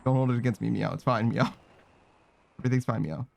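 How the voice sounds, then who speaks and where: A man's voice: fast, creaky. A man streaming a video game, chatting casually, swearing often, reading chat aloud and tacking meow onto his sentences. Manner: frustrated outbursts in a raised, higher voice. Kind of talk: casual gaming stream commentary.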